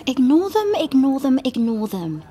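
A clever, bossy teenage witch, as the audiobook narrator puts her on, in a voice pitched well up and swooping lively between notes. She talks earnestly and briskly, and turns sarcastic easily. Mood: urging. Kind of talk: audiobook reading.

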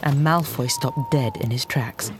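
A man narrating a children's storybook in a measured, expressive reading. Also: mid-range voice, background noise. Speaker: audiobook narrator.

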